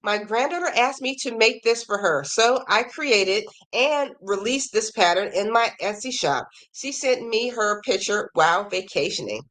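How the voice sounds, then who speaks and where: A woman's voice: mid-range voice, animated, moderate pace, few pauses, a bit bright. A woman hosting a crochet podcast, chatting casually and enthusiastically as she reads out viewers' emails, her voice a little worn. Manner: chatty and enthusiastic, gushing over viewers' work. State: slightly losing her voice.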